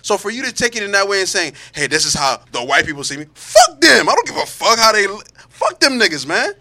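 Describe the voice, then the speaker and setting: A man hosting a podcast, loud and animated, talking with his hands and cursing freely in casual chat. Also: high-pitched, fast talker. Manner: loud, animated, profane, laughs often. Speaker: podcast host.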